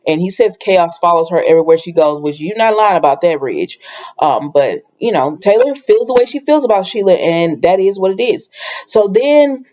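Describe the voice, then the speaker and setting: A woman's voice: fairly low pitch, animated, moderate pace, warm tone. Chatty woman recapping with lo-fi sound. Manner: chatty, loose, many fillers and asides. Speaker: soap opera recap vlogger. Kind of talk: casual recap chat.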